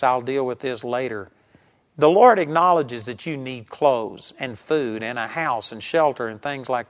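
A man's voice: mid-range voice, muffled recording. A man preaching a sermon for radio with an emphatic, repetitive cadence.

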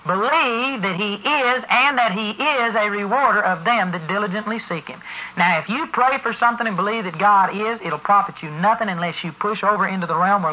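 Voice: medium pitch, brisk, bright, forceful tone. A preacher giving an emphatic sermon to a congregation that answers back, driving points home and spelling words out for stress. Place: church service before a congregation. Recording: dull lo-fi recording.

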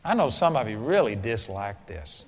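With a voice on the low side and a sing-song lilt, a man preaches at normal speed, his blunt, emphatic sermon rising to loud exclamations. The dull, echoey hall recording has a noisy background.

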